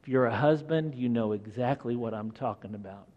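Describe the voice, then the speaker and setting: A man's voice: mid-range voice, fairly quick, lo-fi sound. A man preaching a conversational sermon who asks his listeners questions. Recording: long echoing hall reverb.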